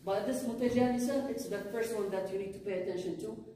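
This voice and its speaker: A woman's voice: medium pitch, quick pace, mellow, far from the mic, slight background noise. A woman teaching a Quran recitation class, explaining the rules and drilling phrases aloud, often checking with her students. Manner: explains patiently, drills Arabic phrases aloud, asks "huh?" to check understanding. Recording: very echoey room, voice picked up from afar.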